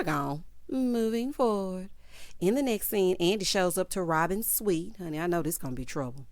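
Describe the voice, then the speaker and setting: A woman hosts a casual TV recap. She retells the scenes in a lively, sassy way and slips into the characters' voices. Her pitch swings widely, and the recording is close and dry with no room sound. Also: normal speed, no echo. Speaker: TV recap host.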